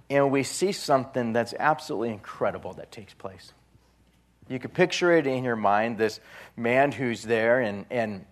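With a mid-range voice, this male preacher recounts a Gospel story from the pulpit. He acts out the people in it, his volume swinging dramatically.

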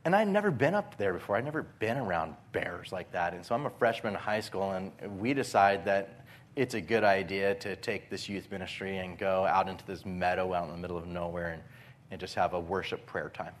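The pastor speaks low-pitched and fairly quickly, preaching through lively stories and acting out the panic he experienced.

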